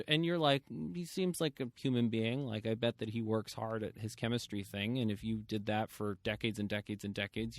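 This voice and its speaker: A man in his thirties hosting a podcast, talking in a loose, animated way with lots of fillers and quoted asides. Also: medium pitch, no echo, studio quality. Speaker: podcast host. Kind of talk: casual interview chat.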